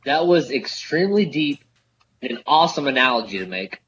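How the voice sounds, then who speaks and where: A man's voice: medium pitch, lively intonation, moderate pace, fairly bright tone. A man guesting on a sports podcast, enthusiastic and agreeable, with some stumbles. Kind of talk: casual sports podcast chat. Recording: dull remote line with faint hiss.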